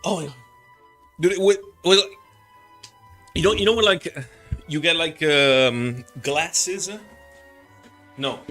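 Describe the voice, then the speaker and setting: A man's voice: on the high side, takes it slowly, long pauses, pushed and bright, soft background music. A young man streaming a game, chatting casually in a rambling, joking way and swearing freely. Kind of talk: casual livestream chat.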